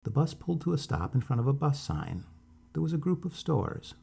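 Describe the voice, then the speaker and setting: A man calmly reading a story aloud as a bedtime storyteller. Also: on the high side, fairly quick, vocal fry, husky.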